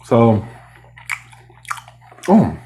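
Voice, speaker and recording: A man's voice: medium pitch, huge pitch swings, very slow, dark tone. A man vlogging while he eats, chatting casually and rambling between bites. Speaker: mukbang vlogger. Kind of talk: casual chat while eating.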